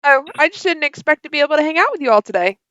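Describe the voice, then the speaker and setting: A woman's voice: high voice, big pitch swings, very fast, a bit bright, lo-fi sound, pitched above the performer's own voice. A woman voicing a sly, meddling young man in a tabletop game, with a teasing, knowing tone. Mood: cheerful.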